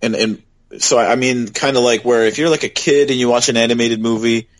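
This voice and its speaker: A man's voice: mid-range voice, steady tone, fairly quick, no echo, rough recording. A man co-hosting a podcast in casual chat, talking thoughtfully and asking reflective questions. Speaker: podcast co-host.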